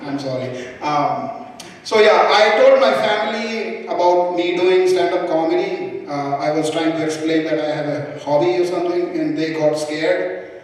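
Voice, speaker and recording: A young Indian man does stand-up on a club stage, his fairly high voice stumbling through ums and restarts. The sound is very echoey, with a long hall tail, and he is heard from some way off the mic. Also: distant mic. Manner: halting delivery with frequent ums and restarts. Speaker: stand-up comedian. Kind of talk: live stand-up set.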